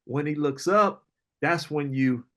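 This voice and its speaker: A middle-aged man, an entrepreneur guest, telling casual stories in an animated, slangy way, often acting out other people's lines. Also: a little high, takes it slowly. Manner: animated storyteller, slangy, acts out quoted voices, laughs often. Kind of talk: casual storytelling interview.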